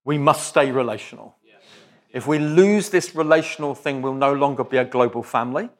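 A man's voice: mid-range voice, a little fast. A man preaching as a visiting speaker, direct and conversational, with joking asides to the congregation. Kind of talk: sermon.

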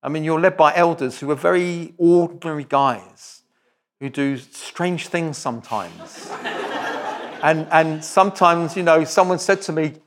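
A man's voice: a little high, unhurried. A man preaching as a visiting speaker, direct and conversational, with joking asides to the congregation. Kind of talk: sermon.

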